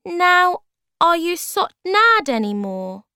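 A woman voicing a tiny, kind, childlike creature in a very high, eager voice. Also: big pitch swings, slow pace, bright, forceful tone, no echo, clean studio sound, heavily acted.

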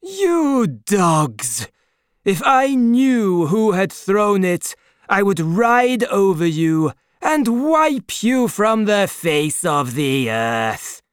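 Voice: mid-range voice, lively intonation, clear, resonant tone, dry recording, clean studio sound, pitched above the performer's own voice. A reader doing a haughty aristocrat in his sixties. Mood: contemptuous. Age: 60s. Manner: slow, haughty, contemptuous drawl. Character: proud, pitiless male aristocrat of about sixty.

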